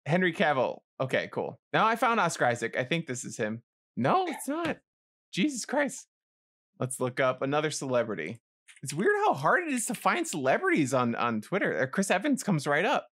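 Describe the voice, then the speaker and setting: A man co-hosting a casual podcast, excitable and jumpy, swinging from mumbles to yelps. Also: a little high, moderate pace. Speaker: podcast co-host. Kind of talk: casual chat.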